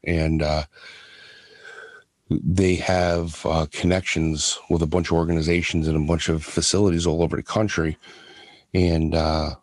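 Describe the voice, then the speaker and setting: A man in his thirties telling his own hard story, halting and restarting often. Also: very deep voice, darkish tone, no room sound. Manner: halting, with many restarts and fillers. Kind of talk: personal testimony.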